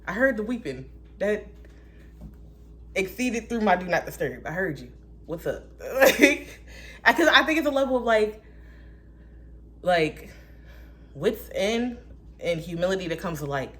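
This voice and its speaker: Young woman, casual vlog, candid, profane, animated asides, slightly low voice. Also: normal speed. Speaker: vlogger. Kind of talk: casual faith monologue.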